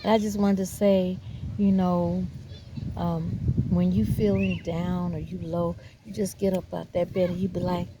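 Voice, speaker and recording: A woman's voice: lowish voice, level tone, normal speed, noisy background. A woman vlogger speaking in a casual, earnest, encouraging monologue, calling listeners baby and honey, with loose, repetitive phrasing and many fillers. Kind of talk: casual talking-to-camera monologue.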